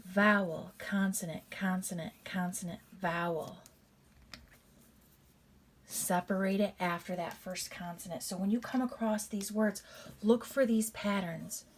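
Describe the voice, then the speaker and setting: A woman teacher giving a recorded reading lesson. She goes through patterns deliberately, step by step, repeats them, and calls her students "you guys". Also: medium pitch, steady tone, slight background noise.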